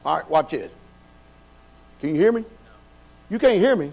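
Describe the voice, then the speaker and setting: A man with a high-pitched voice preaches a sermon in a church. He talks in a folksy, everyday way and keeps asking the congregation questions. His delivery is call-and-response. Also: expressive, normal speed, vocal fry, a little mellow. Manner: folksy, colloquial. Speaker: pastor. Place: church sanctuary.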